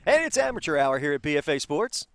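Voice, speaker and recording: Boston-accented play-by-play guy, slightly high voice, dry close mic, lively calls. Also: fast talker, clean tone, dry recording. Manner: excitable, rising sharply on big plays. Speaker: play-by-play announcer. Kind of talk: live baseball commentary.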